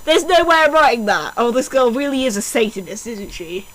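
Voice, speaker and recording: A woman with a high, bouncy voice reads a badly written story out loud for laughs. She slips between mock-dramatic reading and dry, sarcastic asides. Her pitch swings widely, and she keeps up the jokey commentary throughout. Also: expressive, fairly quick, low-quality recording. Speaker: fanfiction reader. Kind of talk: comedic mocking read-aloud.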